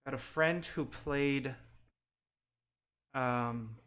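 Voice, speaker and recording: Speaking very slowly in a mid-range, fairly bright voice, a man runs a live-streamed card break. He announces player names one by one while opening packs and chats with the audience.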